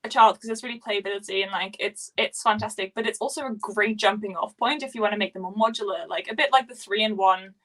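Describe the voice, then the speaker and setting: A woman's voice: mid-range voice, quick pace, hardly any pauses, a bit bright. Chatty Dutch-accented woman streamer. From Netherlands. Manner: chatty, laughs often, many fillers. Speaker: LEGO streamer host. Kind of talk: casual live-stream chat. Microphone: phone.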